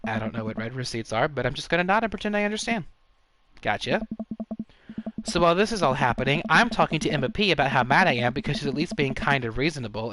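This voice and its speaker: A man's voice: a little high, sharp tone, slight background noise. A man voicing an upset teenage girl as he reads a game aloud, rambling through dramatic gossip.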